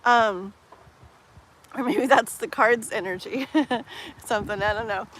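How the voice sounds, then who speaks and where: A woman giving a live-stream tarot reading in a casual, filler-heavy way, slowing to muse aloud as she shuffles. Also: on the high side, fairly bright tone, slight background noise, poor audio. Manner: slows down and muses while shuffling. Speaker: tarot reader.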